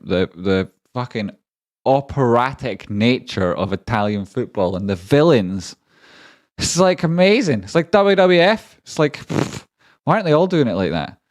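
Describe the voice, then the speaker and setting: A man's voice: sits low, darkish tone, no room sound. A man hosting a live stream, rambling and joking casually with viewers and swearing now and then. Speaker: livestream trading host.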